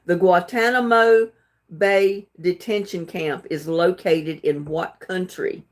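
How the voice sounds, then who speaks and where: Slow and steady, with a low-leaning voice, the livestream host reads trivia questions aloud and talks with her viewers on a casual stream. She frequently laughs and trips over her words.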